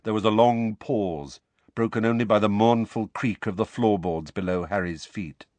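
A man narrating a storybook in an expressive reading voice. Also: fairly low pitch, moderate pace, dry recording. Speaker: audiobook narrator.

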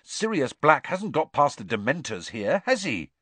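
A man reads as a steady teenage boy, plain and pointed in his speech and kept close to the reader's own low voice. Dry, close sound. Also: normal speed, dry recording, full character voice. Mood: matter-of-fact. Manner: matter-of-fact, pointed.

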